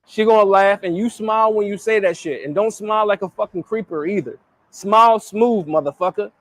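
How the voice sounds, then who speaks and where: A man's voice: high voice, a little fast, no echo. A man giving blunt, crude dating advice in a played clip. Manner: blunt, crude, swearing freely.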